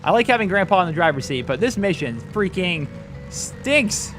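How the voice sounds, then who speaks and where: A man's voice: high voice, big pitch swings, normal speed, a bit bright, soft background music. A man giving rambling, chatty commentary while playing a game, often exclaiming at it as he goes. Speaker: gaming channel host. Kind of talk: casual let's-play commentary.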